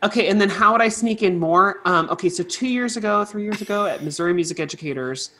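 A woman's voice: mid-range voice, fast, a bit bright. A woman who teaches music, chatting casually as a podcast guest, rambling and laughing often with lots of fillers. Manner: giggly, rambling storyteller with many fillers.

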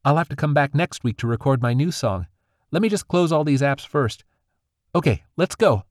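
A playful, earnest young sprite girl from a children's storybook, eager and a little mischievous, as a male narrator puts her on. The voice jumps far above the narrator's own into a bright falsetto, recorded close and dry. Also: animated, normal speed, no echo, natural voice.

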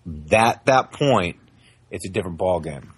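Husky-voiced dad telling a lively story. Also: male voice, sits low, a little slow. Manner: animated storytelling, acts out voices. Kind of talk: casual chat.

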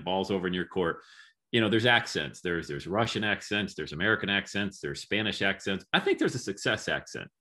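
A man's voice: on the low side, bright, forceful tone. A man hosting a podcast interview, talking in an upbeat, encouraging and casual way. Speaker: podcast host.

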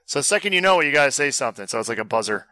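Bright joking male podcast host. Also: medium pitch, big pitch swings, rapid-fire, dry recording. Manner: loose, joking, swears freely. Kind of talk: casual chat.

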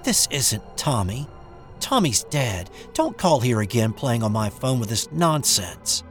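A man voicing a frightened, indignant mother answering the phone, sharp and scolding. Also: mid-range voice, big pitch swings, a little slow, faint music behind. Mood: scared scolding.

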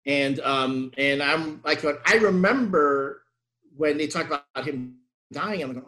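A man co-hosting a casual podcast chat, talking in an animated, exasperated, ranting way. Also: on the high side, a little slow. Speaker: podcast co-host.

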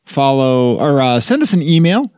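A man's voice: mid-range voice, sing-song, normal speed, darkish tone, clean tone, no room sound. Joking man on a dull, dry podcast. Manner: joking, rambling with many fillers. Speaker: podcast co-host. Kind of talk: casual chat. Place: home blanket fort.

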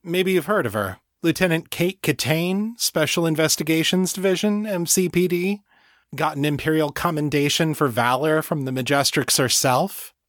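A man's voice: fairly high pitch, normal speed, fairly bright tone, dry recording, studio quality, pitched above the performer's own voice, close to an everyday voice. A man voicing a cocky male incubus who drawls and mocks his questioner. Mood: smug. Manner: drawling, mocking.

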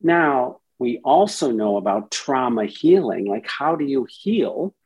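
A man's voice: medium pitch, lively intonation, slow, darkish tone, husky, rough recording. A man speaking as a therapist and podcast guest, explaining ideas at length and briefly acting out inner voices in quotes. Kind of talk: explanatory interview talk.

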